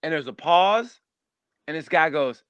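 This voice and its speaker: Comedian guest, male, nonstop animated storyteller, somewhat high voice, dry recording. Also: a little slow, clean tone, dry recording, muffled recording. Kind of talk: casual podcast chat.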